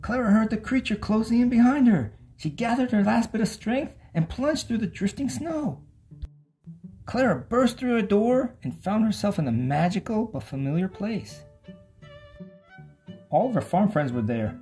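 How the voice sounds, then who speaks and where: A narrator giving an expressive, lively read-aloud of a children's bedtime storybook. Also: mid-range voice, moderate pace, faint music behind.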